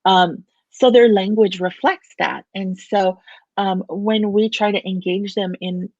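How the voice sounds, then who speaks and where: Calm woman therapist with a gravelly edge. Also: mid-range voice, dry recording, highs cut off. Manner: measured, explanatory, frequent "um" fillers. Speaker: family therapist and play therapist. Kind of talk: expert interview answers.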